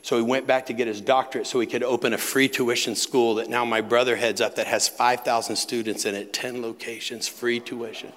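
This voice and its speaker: A man's voice: medium pitch, level tone, brisk, few pauses, a bit bright. A male pastor preaching a sermon, telling a personal story in a conversational way with emphatic asides. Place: retreat center meeting hall. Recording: long hall reverb.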